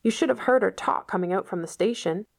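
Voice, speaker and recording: A woman's voice: medium pitch, a little fast, vocal fry, voice pushed up. A woman reading the part of a shy, kindly older farmer man who speaks hesitantly and reluctantly.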